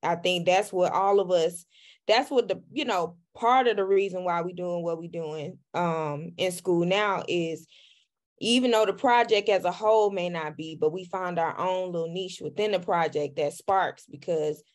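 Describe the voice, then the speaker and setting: A woman's voice: fairly low pitch, moderate pace. A young woman, a graduate student who teaches classes, reflecting thoughtfully in a casual podcast chat.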